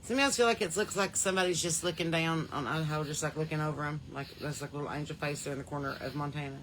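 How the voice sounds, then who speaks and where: A woman with a Southern US drawl hosts a casual livestream, calling out viewers' names and states in a folksy, friendly chatter. Her voice is bright and forward, with a faint hiss of noise under it. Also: deep voice, fairly even intonation, rapid-fire. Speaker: podcast host.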